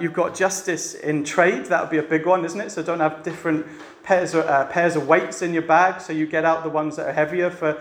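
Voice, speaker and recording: This preacher, an adult man with a family, has a fairly high, fairly bright voice as he chats his way through a sermon to a church meeting, regularly asking the room rhetorical questions. The echoey recording has faint ambience and a little hiss or hum.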